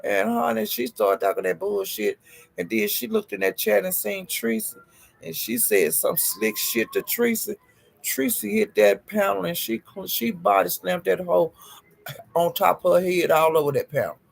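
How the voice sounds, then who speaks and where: A man with a high, deeply gravelly voice dishes gossip to his viewers, sassy and profane. His tone is husky and breathy, and he keeps calling his listeners honey and child as he leaps up in pitch for emphasis. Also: moderate pace. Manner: animated, jumps up in pitch for emphasis. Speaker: gossip vlogger. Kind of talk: casual gossip storytelling.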